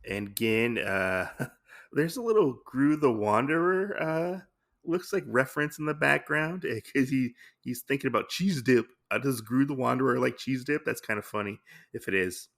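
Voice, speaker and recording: A man's voice: medium pitch, animated, moderate pace, vocal fry, a bit bright. A man hosting a podcast, casually recapping a comic story in a rambling, amused way. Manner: rambling, many fillers and restarts, amused. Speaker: podcast host.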